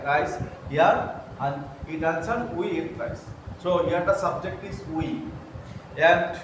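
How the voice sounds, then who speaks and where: A man explaining grammar at a slow, deliberate pace, repeating each point and checking in with "okay". His voice sits a little high for a man. It is heard from a distance in a very echoey room with clear background noise. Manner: slow, repeats phrases, says "okay" often. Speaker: English teacher. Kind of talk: slow grammar lesson at a whiteboard. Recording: very echoey room, mic far off, noisy.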